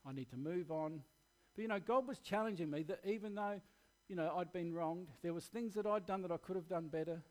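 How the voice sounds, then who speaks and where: A man's voice: sits high, fairly quick, a little mellow. Earnest Australian man preaching. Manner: earnest, candid personal storytelling. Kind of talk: sermon.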